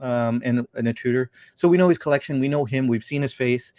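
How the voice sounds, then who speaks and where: A man's voice: medium pitch, brisk, warm tone, no room sound. A man hosting a casual livestream chat, rambling and thinking aloud as he talks. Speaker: show host.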